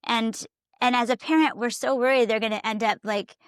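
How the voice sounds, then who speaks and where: A woman's voice: a little high, brisk, clear, resonant tone, dry recording, studio quality. A woman co-hosting a parenting podcast who tells stories with energy, acting out quotes and laughing often. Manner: animated storyteller, acts out quotes, laughs often. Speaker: podcast co-host. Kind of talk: casual parenting chat.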